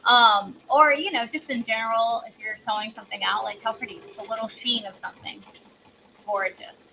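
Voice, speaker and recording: Chatty woman host, kinda high bright voice, laughs a lot, bit stuffed up, light hiss. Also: fairly even intonation, brisk, gravelly, low-quality recording. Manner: chatty, giggly, gushing. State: congested, says she is on cold medicine. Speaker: host demonstrating embroidery. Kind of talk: casual live demo chat.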